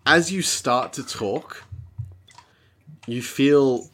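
A game master narrating a tabletop game in a slow, measured way with dramatic pauses. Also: mid-range voice, fairly bright tone, breathy edge.

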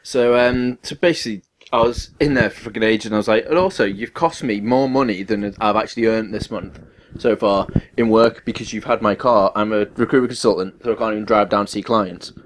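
A man's voice: lowish voice, brisk, hardly any pauses. Man ranting through a story. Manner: swearing, ranting anecdote with acted-out quotes. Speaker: podcast co-host. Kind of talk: casual chat.

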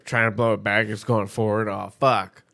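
A man's voice: on the low side, level tone, normal speed, creaky, a bit bright. Man swearing through casual chat. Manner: swears, acts out quotes.

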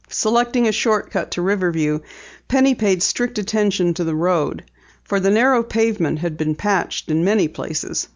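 A reader giving steady, measured narration of a mystery novel. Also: mid-range voice. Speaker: audiobook narrator. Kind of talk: scripted narration. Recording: dull lo-fi recording.

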